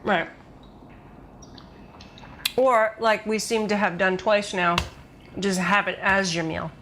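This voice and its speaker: Female co-host; playful, upbeat, casual chat delivery; middle pitch; faint noise behind. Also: steady tone, takes it slowly, fairly bright tone. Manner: playful, enthusiastic, given to laughing.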